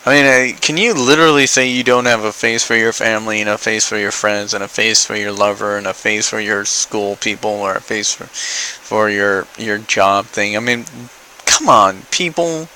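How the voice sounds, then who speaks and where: A man's voice: on the low side, normal speed, sharp tone, slight background noise, low-quality recording. A young man ranting in an opinion vlog, exasperated, sarcastic and profane. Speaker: vlogger.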